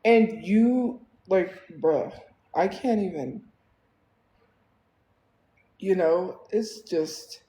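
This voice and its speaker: A woman's voice: fairly low pitch, extremely slow, long pauses, mellow, reverberant, rough recording. A woman livestreaming, venting in a casual, exasperated way with lots of fillers.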